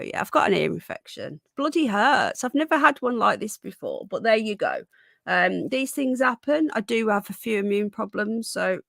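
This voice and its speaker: A woman hosting a live stream whose voice is going croaky, chatting casually and rambling with fillers and restarts. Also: mid-range voice, a bit bright, no echo, clean studio sound.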